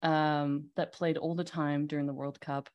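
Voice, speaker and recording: A woman talks as a podcast guest, her voice sitting low in pitch. She tells stories in an animated way, with lots of back-and-forth chat. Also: moderate pace, dull audio. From Netherlands. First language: Dutch. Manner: animated storyteller, lively anecdotes. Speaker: magazine CEO, podcast guest. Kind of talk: casual interview chat.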